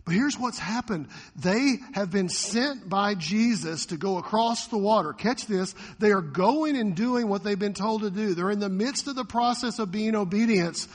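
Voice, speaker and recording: A man preaching a sermon as a pastor, animated, often acting out the voices of the people in the story. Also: sits high, moderate pace, few pauses, big-room sound.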